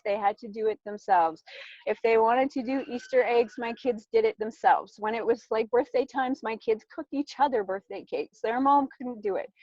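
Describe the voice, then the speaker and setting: A woman in her thirties tells her own story in a chatty, rambling way, packed with "like" and acted-out lines of what she was thinking back then. Her voice sits a little high. The recording is dry and somewhat dull, as if the top end were cut off. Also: darkish tone, no echo. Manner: chatty, many "like"s, acts out her own past thoughts. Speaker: mother sharing a personal testimony. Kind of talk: casual personal testimony.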